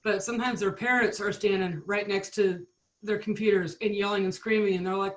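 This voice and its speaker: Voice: mid-range voice, fairly even intonation, brisk, low-quality recording. A math teacher with a mid-range voice explains a point with feeling. The voice comes through a video-call mic in a casual group discussion.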